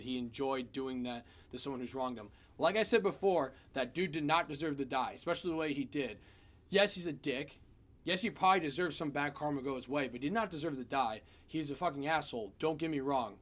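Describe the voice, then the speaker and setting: A man giving a casual spoiler review of a film, retelling scenes in an animated, profane way. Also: mid-range voice.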